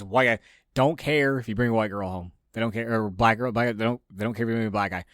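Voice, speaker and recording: Male podcast host, low-pitched, dry close sound, rants and swears freely. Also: fairly bright tone, no room sound. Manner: profane, ranting, mocks others in raised voices. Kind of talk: casual opinionated monologue.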